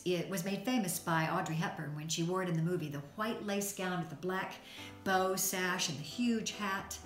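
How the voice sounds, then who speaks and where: A woman from North Carolina, an actress telling an expressive backstage story as a fundraising appeal. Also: lowish voice. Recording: echoey room, faint music.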